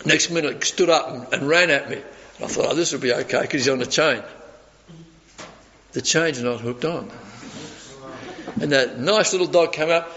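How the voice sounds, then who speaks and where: A man preaching with a slightly high voice, earnest and folksy, chuckling through his stories. The sound is dull and carries a long hall echo. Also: moderate pace, pauses often, bright, forceful tone, a little hiss or hum. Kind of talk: sermon. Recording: dull reverberant hall recording.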